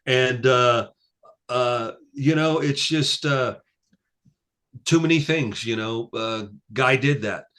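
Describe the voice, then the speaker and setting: A man in his sixties chatting as a guest musician on a casual interview, rambling with many fillers and acting out the people he quotes. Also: slow pace. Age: 60s. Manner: rambling, full of "you know" fillers; acts out quoted people with lively pitch jumps.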